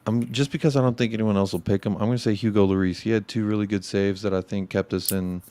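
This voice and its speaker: A man's voice: lowish voice, steady tone, quick pace, mellow, no echo. A man in casual fan chat, teasing and a bit hesitant.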